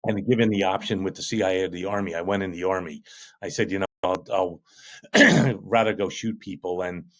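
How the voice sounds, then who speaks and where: A man being interviewed as a guest, looking back on his past in a measured, matter-of-fact tone. His voice sits a little low. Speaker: guest, attorney and army veteran. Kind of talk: conversational interview.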